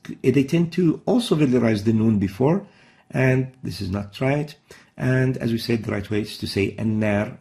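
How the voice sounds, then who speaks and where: A man teaching Quran recitation in a recorded lesson, explaining patiently and demonstrating each sound slowly and carefully. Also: medium pitch, gravelly, warm tone.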